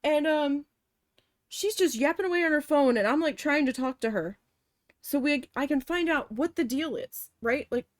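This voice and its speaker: A woman's voice: sits high, normal speed, no room sound, clean studio sound. A woman chatting casually while she paints, telling a long, candid, profane story with rambling self-corrections. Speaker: art vlogger recalling a retail cashier job.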